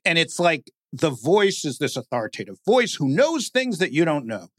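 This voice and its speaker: A man who creates podcasts speaks as a guest, his fairly high voice rising and falling a great deal in a lively, conversational way at a normal speed. He drops into imitations of stiff announcer voices and uses "like" constantly. The recording is close-miked and dry.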